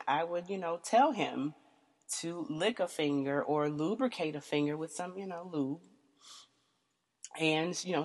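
Deep-ish voiced woman host, blunt and sweary, lots of "you know", long reverb around her voice. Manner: blunt, profane, frequent "you know" fillers. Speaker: podcast host. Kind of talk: candid casual storytelling monologue.

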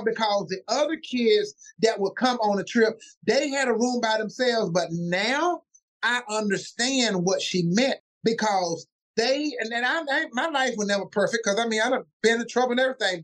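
A man's voice: very high voice, moderate pace. A man who is a pastor, telling stories from his upbringing in a casual interview and acting out family voices as he goes. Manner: animated, acts out family voices mid-story.

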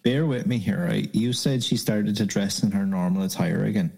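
A man with a fairly low voice talks casually on a podcast. He rambles and restarts his sentences, and he throws in crude jokes. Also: normal speed, gravelly, mellow, slightly rough, poor audio. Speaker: podcast co-host. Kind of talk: casual chat.

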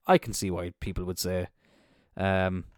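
A man's voice: low-pitched, little pitch movement, a little slow, no room sound, studio quality. A young man from Cork with a Cork Irish accent hosts a casual solo podcast, rambling and chatty, swearing freely and trailing off mid-thought. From Cork, Ireland. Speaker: podcast host. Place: indoors, seated on a squeaky chair.

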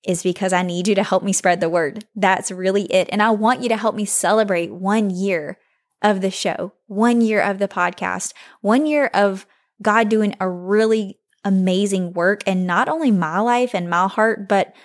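A woman's voice: medium pitch, moderate pace. Young woman podcast host, solo, earnest and heartfelt, mid-range voice. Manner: earnest, heartfelt, faith-focused.

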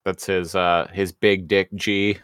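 A man's voice: low-pitched, flat delivery, takes it slowly, fairly bright tone, clean tone, no room sound, studio quality. A man co-hosting a podcast, talking in casual chat with stammering restarts. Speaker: podcast co-host.

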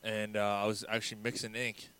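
Relaxed man with halting speech. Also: fairly low pitch, clean tone. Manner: relaxed, halting with repeated words. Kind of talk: casual conversation.

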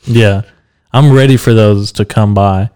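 A man's voice: fairly low pitch, a little slow, dark tone, clean tone. A man who is a guest on a podcast, chatting casually with crude, joking banter. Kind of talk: casual chat.

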